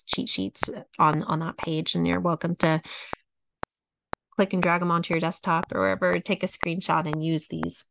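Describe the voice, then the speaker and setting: Low gravelly woman coaching. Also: noisy background. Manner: slow, measured, repeats phrases, laughs lightly. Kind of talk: teaching talk, reading a chart aloud.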